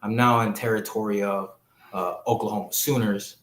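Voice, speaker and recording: Animated storytelling man in a roomy space. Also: on the low side, normal speed. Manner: animated storyteller who acts out quoted people. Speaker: football coach and podcast guest. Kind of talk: storytelling in a casual interview. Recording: roomy echo.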